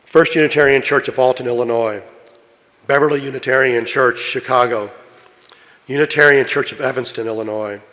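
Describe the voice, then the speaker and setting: Presiding over a meeting in a large hall with long reverb, a Kentucky man reads a long list steadily in a medium-pitched, sharp-toned voice at a moderate pace. He also speaks off-script, using many fillers.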